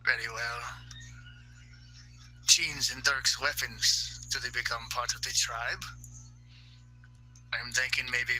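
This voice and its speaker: A man voicing a calm, formal male warrior with a dry wit, speaking in a measured way. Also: medium pitch, faint music behind, rough recording.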